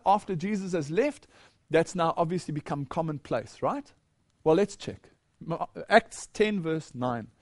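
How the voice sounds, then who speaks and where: A man's voice: sits high, a little mellow, dry recording, clean studio sound. A man giving a Bible teaching lecture, leading listeners through verses and asking questions before he answers them.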